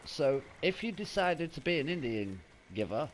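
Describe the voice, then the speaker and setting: A man's voice: a little high, sing-song, normal speed. A young man chatting casually and rambling while live-streaming a video game, laughing and swearing freely. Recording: noisy gameplay audio behind.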